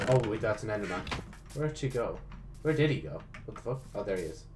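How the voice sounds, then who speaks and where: Excitable man swearing through gameplay commentary. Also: fairly low pitch, a little fast, a little hiss or hum. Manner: excitable, swears often, talks to himself. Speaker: gaming channel host.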